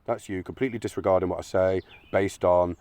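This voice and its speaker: A man delivers a combative, sweary monologue in a deep voice. He argues with imagined critics and sometimes mocks them in silly put-on voices. The close recording is dry, with little room sound. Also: fairly even intonation, fast, a little mellow, no room sound. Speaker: video essayist. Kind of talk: opinionated monologue.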